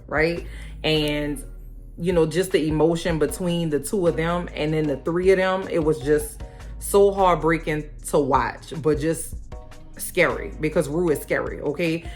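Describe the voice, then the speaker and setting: Low-voiced woman in an animated recap chat. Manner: animated, colloquial, acts out characters' lines. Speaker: recap vlogger.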